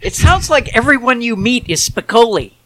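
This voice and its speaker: High bright guy cohosting, jokey asides, bouncy voice. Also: very animated, moderate pace, dry recording. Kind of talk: casual chat.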